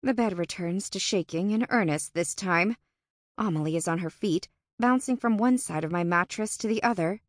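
A woman narrates a first-person fantasy audiobook with expressive, dramatic tension. Her voice sits at a middle pitch. The recording is close and dry. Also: moderate pace, dry recording.

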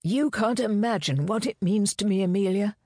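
A woman reading an audiobook, voicing a man, a fiancé who talks earnestly and turns shrill and snappish when challenged. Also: moderate pace, darkish tone, no echo, clean studio sound, close to an everyday voice. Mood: earnest, indignant. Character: pompous, indignant fiancé, a man.

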